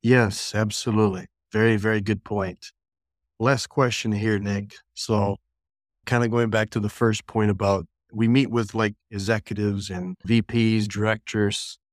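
A man's voice: fairly low pitch, little pitch movement, measured pace, no room sound, clean studio sound. A man interviewing a guest, giving brief agreeing remarks and asking questions. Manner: affirming, brief.

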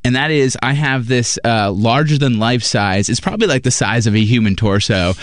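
A man co-hosting a casual comedy chat, teasing with deadpan jabs. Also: mid-range voice, normal speed, no room sound, clean studio sound. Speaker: podcast co-host.

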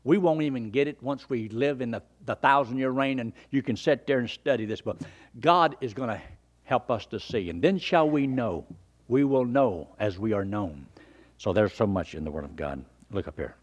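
An older man preaching a sermon and telling his own conversion story in an earnest, folksy way, swinging from loud emphasis down to hushed near-whispers. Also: mid-range voice, animated, moderate pace. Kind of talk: sermon with personal testimony.

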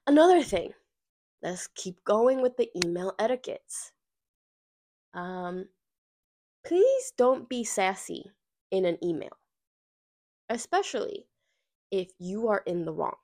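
A woman's voice: mid-range voice, takes it slowly, pauses often. Sassy, profane woman ranting. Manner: lively storytelling with acted-out quotes. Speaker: podcast host. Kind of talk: casual ranting monologue.

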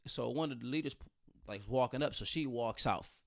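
A man telling a personal story on a podcast in slangy, animated casual talk. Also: mid-range voice, brisk, vocal fry, no echo, clean studio sound. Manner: animated, slangy, acts out voices. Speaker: podcast host.

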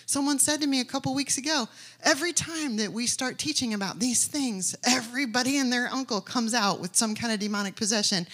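A woman's voice: mid-range voice, fairly quick, fairly bright tone. A woman preaching a sermon, telling stories animatedly and rising to emphatic declarations.

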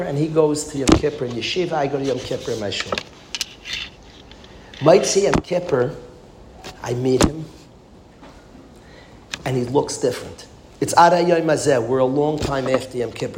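A man preaching a storytelling sermon, driving home points with repetition and sudden rises in force. The recording is roomy and echoing, with a steady hiss of noise underneath. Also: medium pitch, moderate pace, pauses often. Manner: emphatic, repetitive, swings from hushed to loud. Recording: echoey room with background noise.

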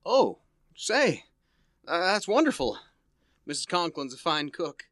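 A bashful, fumbling schoolteacher. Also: male voice, a little high, very animated, unhurried, fairly bright tone, dry recording, clean studio sound. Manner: hesitant, fumbling. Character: shy, awkward male biology teacher. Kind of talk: 1950s radio comedy acting.

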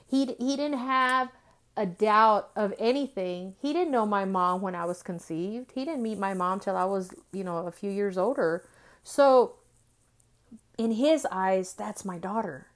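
A middle-aged woman sharing her testimony, telling the story with lively acted-out dialogue. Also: medium pitch, normal speed. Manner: animated storytelling, acting out dialogue. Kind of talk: testimony talk.

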